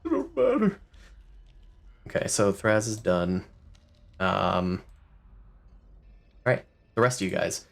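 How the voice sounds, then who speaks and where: A man's voice: low-pitched, fairly even intonation, takes it slowly, vocal fry, long pauses, fairly bright tone. A man acting as game master, loosely describing scenes and making rules calls. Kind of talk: running a tabletop game.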